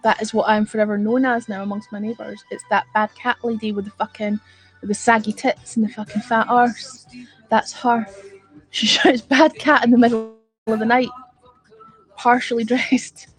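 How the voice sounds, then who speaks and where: A woman's voice: fairly high pitch, little pitch movement, normal speed, soft background music. A middle-aged woman, telling a comic story on a casual livestream and swearing freely. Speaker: livestream host.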